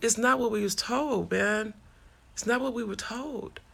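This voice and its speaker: A woman's voice: a little high, a little slow, vocal fry, fairly bright tone. A woman hosting a casual live stream, talking through comments with viewers in an impassioned, swearing, tired way.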